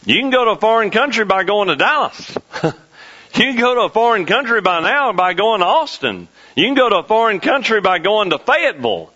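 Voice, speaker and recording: A pastor preaching to his church, his voice pitched high and bright. He drives his points home by repeating them with rising emphasis. The recording is dull and lo-fi. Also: sing-song, a little fast. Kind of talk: sermon.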